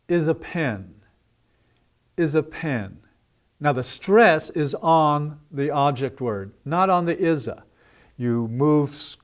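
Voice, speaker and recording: In an instructional talk to teachers, a mid-range-voiced man gives a teacher-training lesson in a loose, conversational way, using "uh" fillers and modeling drill phrases slowly and deliberately.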